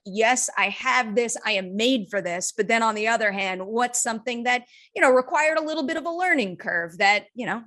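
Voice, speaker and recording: A woman's voice: a little high, fairly bright tone. A woman interviewing actors, asking playful questions in a chatty, casual way. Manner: chatty, playful, quick asides. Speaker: entertainment interviewer.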